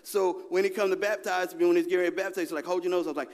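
A man, preaching a lively, conversational sermon with call-and-response and a personal story in a large church. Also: high voice, fast, hardly any pauses. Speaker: pastor. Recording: long hall reverb.

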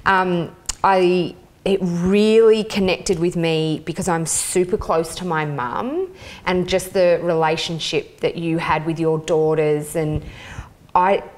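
A woman hosting a casual interview, her voice sitting fairly low. She speaks effusively, stopping and restarting with lots of fillers. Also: steady tone, slow.

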